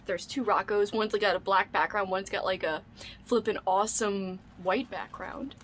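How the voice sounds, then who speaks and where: A woman vlogging casually at home, gushing excitedly over an unboxing, squealing and laughing often. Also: mid-range voice, moderate pace, a little hiss or hum.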